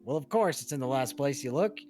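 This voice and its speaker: A man's voice: medium pitch, lively intonation, brisk, a little mellow, soft background music, natural voice. A man voicing a male AI chatbot that does edgy stand-up comedy, with punchy joke setups. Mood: joking. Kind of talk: reading chatbot replies aloud.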